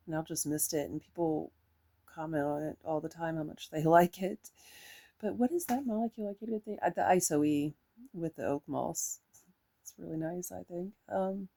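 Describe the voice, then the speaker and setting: Woman gushing through a perfume review, low mellow voice, lots of ums. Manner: rambling, enthusiastic, lots of fillers. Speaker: fragrance reviewer. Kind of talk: casual review chat.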